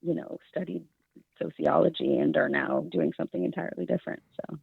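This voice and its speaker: A middle-aged woman telling stories in a casual interview, chatty and quick to laugh. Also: on the low side, vocal fry, slightly rough, no room sound. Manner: chatty, laughs often, animated storyteller. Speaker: guest. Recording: tinny phone-like line.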